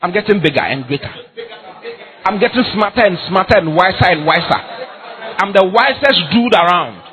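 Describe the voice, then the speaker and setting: A man's voice: high voice, lively intonation, normal speed, pushed and bright, a faint crowd. A man preaching a sermon as pastor, emphatic and repetitive, often laughing as he speaks.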